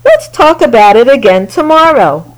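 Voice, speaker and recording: Fair-minded storybook teacher, measured and calm, read by a woman. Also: high voice, rough recording. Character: sensible, fair schoolteacher woman.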